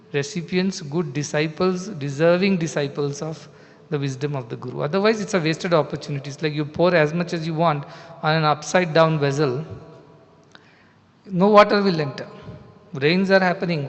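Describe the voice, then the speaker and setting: A man with an Indian English accent giving a spiritual discourse, explaining scripture and translating verses line by line. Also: on the high side. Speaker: spiritual teacher. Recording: long hall reverb.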